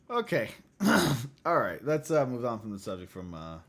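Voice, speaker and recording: A man hosting a casual livestream chat, loose and profane, who often clears his throat. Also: mid-range voice, huge pitch swings, measured pace. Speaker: livestream host.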